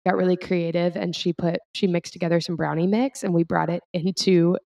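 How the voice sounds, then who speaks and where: A woman's voice: lowish voice, flat delivery, brisk, vocal fry, darkish tone, no room sound. A young woman co-hosting a podcast, chatting in an upbeat, rambling way and laughing often. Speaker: podcast co-host. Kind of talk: casual chat.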